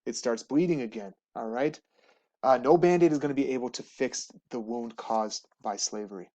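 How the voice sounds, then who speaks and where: A man teaching history, giving a relaxed, joking slideshow lecture to students. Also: mid-range voice, moderate pace. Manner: casual, jokey, asks students questions. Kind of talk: recorded classroom lecture over slides.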